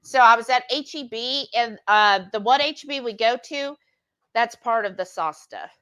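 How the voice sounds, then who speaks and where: High-voiced woman reading comments. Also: moderate pace, pushed and bright, clear, resonant tone. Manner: chatty, reads comments aloud, laughs often. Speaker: cooking stream co-host reading viewer comments. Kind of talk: casual chat while cooking.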